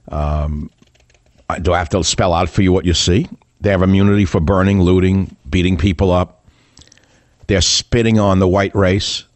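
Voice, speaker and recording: A man's voice: sits low, darkish tone, no room sound. An older man hosting a political talk radio show, combative and sarcastic, firing off rhetorical questions.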